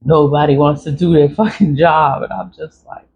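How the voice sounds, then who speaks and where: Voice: mid-range voice, normal speed, vocal fry, hardly any pauses. A spiritual vlogger in a casual, rambling monologue, talking emphatically, repeating phrases and swearing freely. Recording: dull lo-fi recording, faint noise.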